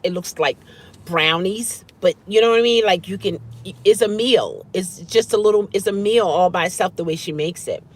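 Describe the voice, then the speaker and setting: Chatty woman, lively pitch. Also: normal speed. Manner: chatty, savoring food with hums. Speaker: vlogger and rideshare driver. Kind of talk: casual chat while eating in a car.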